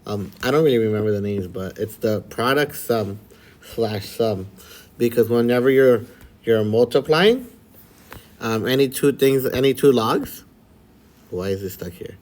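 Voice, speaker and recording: A man's voice: medium pitch, unhurried. Man, math teacher for a video lesson, easygoing and chatty, keeps checking in with the class. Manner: relaxed and chatty, checks in with frequent "all right?" and "okay?". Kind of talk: casual recorded lesson for students.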